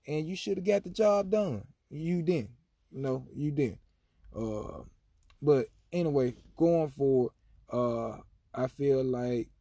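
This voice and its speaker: A man's voice: medium pitch, mellow, dry recording, studio quality. A man giving a casual opinion monologue on football, talking emphatically and rambling with frequent restarts and fillers. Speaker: sports commentator.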